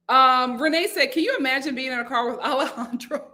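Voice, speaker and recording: A young adult woman hosting a live reality TV review from home, chatting animatedly and reading viewer comments aloud. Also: fairly quick. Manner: chatty and animated, jumps to high-pitched exclamations and acted quotes. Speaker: host. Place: home room, lit by a window.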